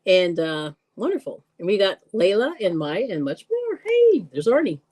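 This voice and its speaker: A woman hosting a live-stream cooking show, chatting casually, laughing often and greeting viewers with excited squeals. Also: mid-range voice, moderate pace.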